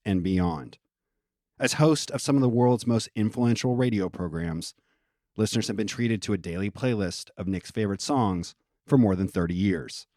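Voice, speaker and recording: Low-voiced male podcast host. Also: a little mellow, no room sound, studio quality. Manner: measured, formal reading. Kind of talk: scripted intro, then interview questions.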